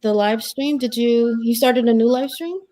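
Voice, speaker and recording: A woman co-hosting a live stream, with a voice slightly high for a woman. She reassures her partner and laughs often. She walks him through the setup step by step. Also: moderate pace, dark tone. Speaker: co-host helping with the stream. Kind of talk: casual live stream chat.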